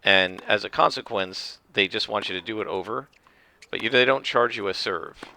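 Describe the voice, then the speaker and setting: A man giving casual commentary over his own tennis game, explaining the rules at length and rambling with restarts and throat clearing. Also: lowish voice, moderate pace, sharp tone. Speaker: gameplay commentator. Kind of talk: casual let's-play commentary.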